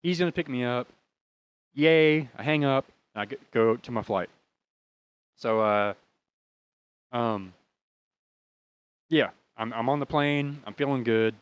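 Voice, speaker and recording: A man's voice: mid-range voice, a little slow, pauses often, clean tone, no room sound. A young American man tells a personal story in an easy, rambling way. His speech is casual and full of swearing, with emotion running through it. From United States. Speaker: podcast host.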